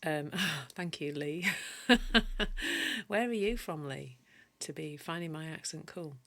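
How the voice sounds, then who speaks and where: A woman from Yorkshire, northern England, with a mild Yorkshire accent gives a chatty live-streamed teaching talk as a coach, answering viewer comments along the way. Her low voice is bright and forceful, she takes things slowly, and she often restarts and corrects herself.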